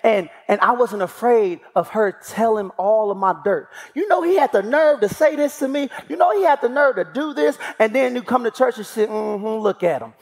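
His voice very high-pitched, a guest preacher moves at a moderate pace with few pauses. He animates his stories, imitating the people he quotes in an emphatic preaching rhythm, and the church hall adds long reverb.

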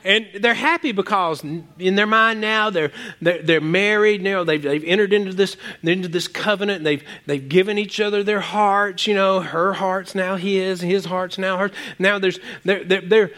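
A high-voiced male pastor delivers a lively sermon. He teases his listeners in a casual way and climbs to excited, emphatic peaks. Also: moderate pace, hardly any pauses. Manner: casual and joking with the congregation.

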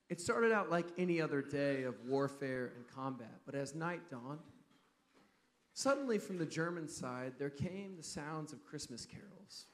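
A man preaching a Christmas Eve sermon, telling a story in a conversational way. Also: medium pitch. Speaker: pastor.

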